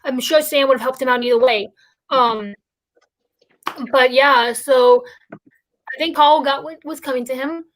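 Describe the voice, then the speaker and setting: A high-pitched woman talks loosely as a host, drifting between thoughts and circling back with plenty of fillers. Her delivery is relaxed and conversational, like an easygoing chat among friends. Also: measured pace, long pauses, slight background noise. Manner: rambling, many fillers and restarts. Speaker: podcast host. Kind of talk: casual chat about musicals.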